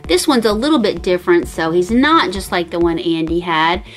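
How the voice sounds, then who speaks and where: A woman hosting a toy unboxing channel, talking excitedly to children, gasping and calling the viewers guys. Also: fairly low pitch, normal speed.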